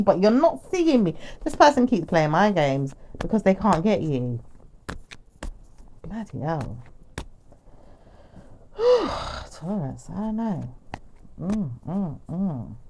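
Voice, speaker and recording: A woman's voice: mid-range voice, darkish tone. A woman reading tarot cards on her own, rambling as she speaks channeled messages in the first person. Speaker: tarot reader.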